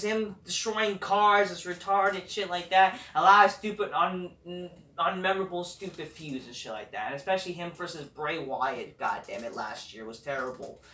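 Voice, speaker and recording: A man's voice: sits high, sharp tone, recorded from a distance. A man ranting profanely and dismissively in opinion commentary on a vlog. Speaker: wrestling commentary vlogger. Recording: echoey room, voice off-mic.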